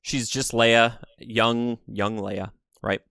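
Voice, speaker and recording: A man's voice: mid-range voice, little pitch movement, takes it slowly, gravelly, bright, forceful tone, smooth. A man hosting a podcast, talking in a casual, rambling way with lots of "like.". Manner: rambling, heavy use of "like". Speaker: podcast host. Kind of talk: casual chat.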